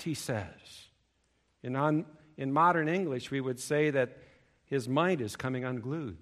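A male preacher giving a sermon, emphatic, swinging between loud stressed phrases and low asides. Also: measured pace.

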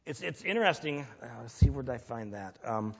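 A man's voice: medium pitch, expressive, a little fast, a bit bright, breathy edge. A man preaching a sermon in a conversational way, asking the audience questions and acting out grumbling prayers. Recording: long reverb, dull lo-fi sound.

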